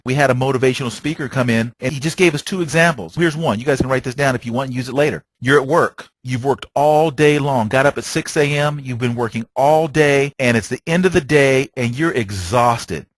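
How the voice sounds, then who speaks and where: A man trains travel agents in a motivational sales talk, preaching through stories and rhetorical questions. His mid-range voice is a bit bright, and the recording is dry.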